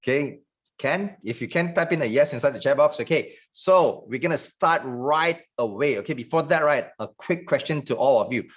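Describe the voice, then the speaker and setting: Fast-talking sales trainer. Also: male voice, mid-range voice, animated, husky. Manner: fast, joking, salesy patter.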